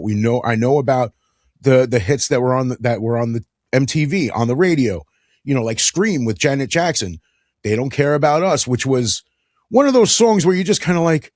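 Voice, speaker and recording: A man's voice: fairly high pitch, no echo. Chatty man with a dry close sound. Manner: enthusiastic, chatty, laughs often. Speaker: podcast host. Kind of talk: casual monologue.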